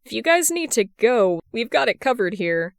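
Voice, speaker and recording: A cheerful, helpful young woman who jumps in briskly, pitched a little higher than the narration, as a woman reads her. Clear and smooth in a dry, close recording. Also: very animated, dry recording. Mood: friendly.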